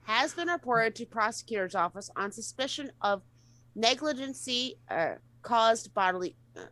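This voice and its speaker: A woman's voice: fairly high pitch, expressive, moderate pace, fairly bright tone, no echo, low-quality recording. A woman reading odd news stories aloud on a casual show, stumbling and correcting herself as she goes. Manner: reads with stumbles and self-corrections.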